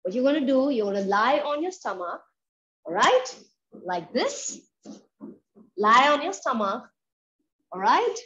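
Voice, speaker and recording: A woman's voice: high voice, sing-song, a little slow, long pauses, fairly bright tone. A woman with an Indian English accent leading a children's yoga class, giving encouraging instructions and counting breaths aloud. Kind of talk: guided fitness class for kids. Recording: dull, roomy sound with faint background noise.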